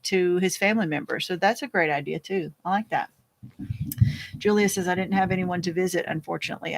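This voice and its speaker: A woman hosting a casual live chat, reading viewer comments aloud and answering them in a rambling, fast-talking way with frequent laughs. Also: lowish voice, vocal fry. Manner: chatty and rambling, laughs often, many restarts; talks fast by habit. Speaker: host.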